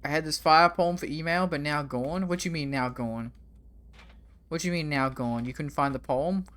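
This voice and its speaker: A streamer reacting to a video game live, talking casually and swearing a lot. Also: male voice, fairly high pitch, normal speed, fairly bright tone. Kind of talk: live gameplay commentary. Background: game music.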